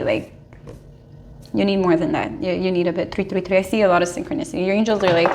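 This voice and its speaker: Woman, young adult, tarot reader, casual spiritual talk, lively, laughs a lot. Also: lowish voice, quick pace, a little hiss or hum. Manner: chatty, animated, laughs often, many "like"s. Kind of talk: casual spiritual advice monologue.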